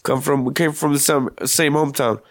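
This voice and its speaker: A man's voice: medium pitch, steady tone, fairly quick, dry recording, clean studio sound. A young man, a rapper, talking as a guest in a casual podcast chat, laid-back and slangy, swearing freely.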